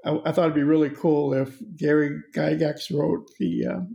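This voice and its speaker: A man's voice: fairly high pitch, level tone, moderate pace, creaky, warm tone. A middle-aged man, a cartoonist and game designer, telling anecdotes with laughs in a casual podcast chat.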